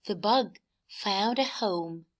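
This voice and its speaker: A woman reading a picture book aloud to children, slow and clearly enunciated in a cheerful way. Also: mid-range voice. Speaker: teacher reading a storybook to children. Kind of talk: children's story read-aloud.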